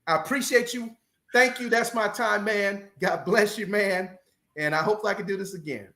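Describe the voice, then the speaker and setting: High-voiced pastor preaching on a show, repeats phrases, roomy echo. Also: male voice, moderate pace, pushed and bright. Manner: preacherly, building passion, repeats key phrases. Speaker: pastor, guest. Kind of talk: preaching in a podcast interview.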